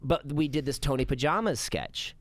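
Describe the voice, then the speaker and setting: Speaking at a moderate pace in a voice on the high side, this podcast guest is captured on a dry recording. His casual chat is full of lively stories, reenacted old scenes and laughter.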